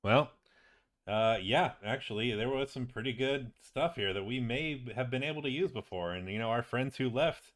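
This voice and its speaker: A man voicing a chatty, excitable male wizard ally who rambles on in a tabletop game. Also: medium pitch, normal speed, voice pushed up, lightly acted. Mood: excited.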